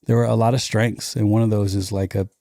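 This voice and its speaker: A former pastor in his forties talks through faith on a podcast in a relaxed, animated way, slipping into mocking voices for the people he describes. His voice is warm and mellow, and it sits close and dry on a studio mic. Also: on the low side, brisk, no room sound. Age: 40s. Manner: lively storytelling with mocking quoted voices and restarts. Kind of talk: casual conversation.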